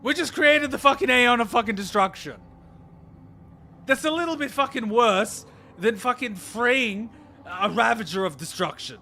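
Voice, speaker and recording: Bright excitable man ranting, swearing. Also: extremely high pitch, normal speed, slight background noise. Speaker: reaction streamer. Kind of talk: game reaction commentary.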